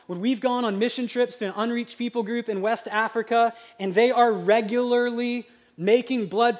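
A male pastor preaching a sermon in a conversational, lively way, with sudden loud outbursts. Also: high voice. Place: church sanctuary.

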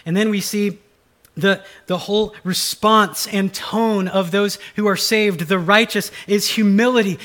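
High-voiced man preaching a sermon. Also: steady tone, measured pace, a bit bright. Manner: earnest, emphatic preaching with acted quotes. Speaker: pastor.

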